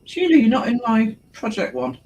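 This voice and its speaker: A man's voice: very high voice, wildly swooping pitch, moderate pace, darkish tone, soft background music, rough recording. A man hosting a livestream, chatting casually with viewers and laughing often. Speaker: livestream host. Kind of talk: casual livestream chat reading comments.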